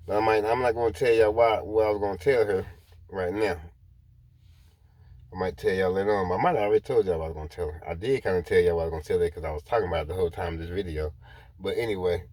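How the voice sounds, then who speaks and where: A man's voice: low-pitched, darkish tone, no room sound. A man rambling through a personal story to his viewers in casual talk, repeating himself as he goes. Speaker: vlogger.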